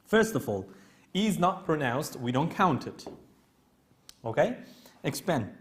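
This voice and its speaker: This man, whose Kurdish accent comes from his native language, walks through an English grammar lesson step by step, repeating himself slowly and frequently asking "okay?". His voice is a little high and a bit bright, with big swings in pitch.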